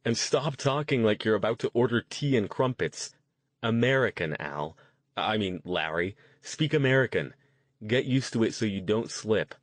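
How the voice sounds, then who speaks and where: A man voicing a jokey, excited young man who puts on a deeper voice. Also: moderate pace, dry recording, natural voice. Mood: playful. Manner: deepened, playful voice.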